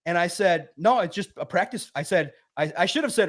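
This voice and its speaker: This podcast guest, a sports publisher with a high voice, tells his story fairly quickly and with few pauses. The sports-show chat feels casual and lively, animated like a hangout with pals.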